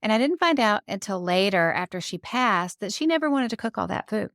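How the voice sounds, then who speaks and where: A woman's voice: medium pitch, lively intonation, fairly quick, a bit bright, dry recording, studio quality. Woman author sharing stories as a podcast guest. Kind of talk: conversational interview.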